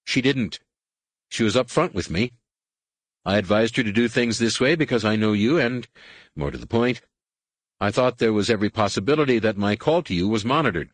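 A man's voice: lowish voice, fairly quick, no room sound, pitched above the performer's own voice, natural voice. A man voicing a blunt, defiant male colonel in an audiobook.

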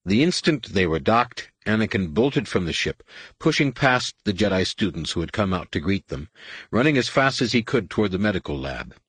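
A man narrating an audiobook in a measured storytelling read. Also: on the low side, big pitch swings, fairly bright tone, slightly rough, no echo. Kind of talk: scripted narration.

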